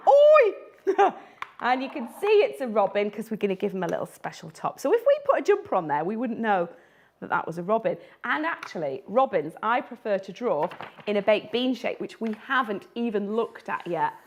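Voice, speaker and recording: A woman's voice: medium pitch, sing-song, fairly quick, slight background noise. Playful woman illustrator teaching drawing on a stream, very sing-song delivery. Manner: chatty and playful, laughs often. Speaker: children's book illustrator. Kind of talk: live drawing tutorial.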